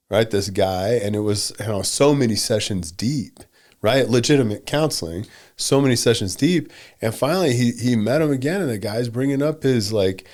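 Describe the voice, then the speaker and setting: A man co-hosting a marriage podcast, talking emphatically in casual chat with his wife and repeating short blunt commands. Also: medium pitch. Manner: softens and slows when speaking to his wife. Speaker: podcast co-host.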